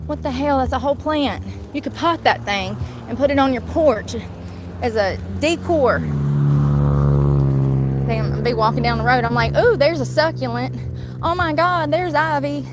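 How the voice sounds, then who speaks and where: A woman in her forties talking bluntly and candidly on a casual walking vlog as she walks along a road, swearing freely and filming on a handheld phone. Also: fairly high pitch. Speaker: vlogger. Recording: loud traffic noise outdoors. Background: passing cars and street noise.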